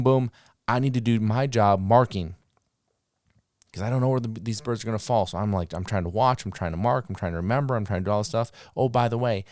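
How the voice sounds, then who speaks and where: A man's voice: fairly low pitch, no echo, studio quality. A man hosting a podcast, casually telling dog-training stories and acting out the commands he called out. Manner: animated, acts out commands and reactions.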